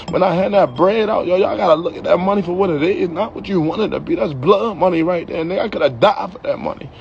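A man's voice: high-pitched, gravelly, highs cut off, slight background noise. A young man in a heated, profane rant to the camera, ending his lines with "yo". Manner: profane, heated, repeats "yo" at line ends.

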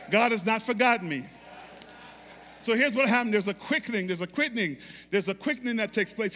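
A pastor delivers a sermon in church, his high voice bright and ringing. He preaches fervently in call-and-response style, repeating phrases and urging the congregation to answer back, while a long reverb trails his words through the sanctuary.

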